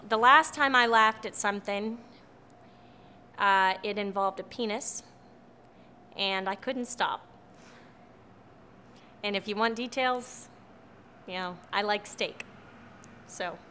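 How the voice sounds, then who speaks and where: A woman's voice: mid-range voice, slow pace, long pauses, sharp tone, a little hiss or hum. A woman speaking candidly in an interview with a dry joking manner.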